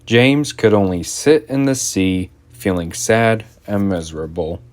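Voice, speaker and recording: A man narrating a storybook in an animated way, performing all the voices himself. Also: lowish voice, unhurried. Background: music.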